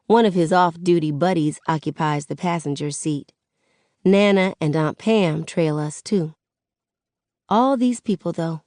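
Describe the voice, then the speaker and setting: Low-voiced woman narrating an audiobook. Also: dry recording, studio quality. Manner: first-person, steady storytelling.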